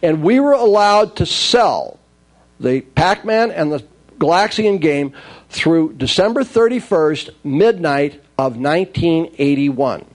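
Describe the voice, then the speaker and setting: A man with a high voice telling anecdotes about his working life. His delivery is wry and lively, and he acts out the lines of the people in his stories. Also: takes it slowly. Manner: wry, lively storyteller acting out dialogue. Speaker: speaker recounting his toy industry career. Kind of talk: anecdotal storytelling talk.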